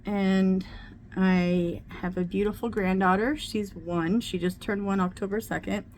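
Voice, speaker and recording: A woman's voice: medium pitch, steady tone, a little slow, darkish tone, slight background noise. A middle-aged woman vlogging casually at home while doing her makeup, talking candidly and swearing freely. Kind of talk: casual get-ready-with-me chat.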